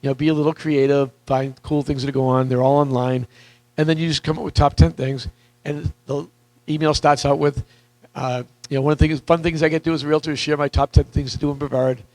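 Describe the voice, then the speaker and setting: A man coaching real estate agents in a live seminar, energetic and repetitive, questioning the audience, with a voice that is wearing out. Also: on the high side, quick pace, no room sound, low-quality recording. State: losing his voice.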